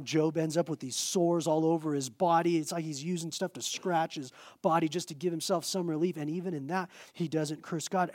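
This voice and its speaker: A male pastor preaching a sermon in a lively, conversational way with self-deprecating humor. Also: a little high, no room sound.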